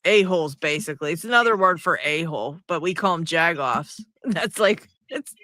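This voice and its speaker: A man's voice: on the high side, lively intonation, moderate pace, pushed and bright, dry recording, studio quality. A man from Pittsburgh with a Pittsburgh accent, co-hosting a casual livestream chat, rambling and laughing often. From Pittsburgh, USA. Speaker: livestream co-host.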